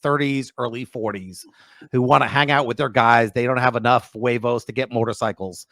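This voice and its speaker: A man's voice: mid-range voice, steady tone, moderate pace, fairly bright tone, no echo, studio quality. A man co-hosting a comedy radio show, wry and dramatic in casual chat. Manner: wry, dramatic, swings voice for quotes. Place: radio studio.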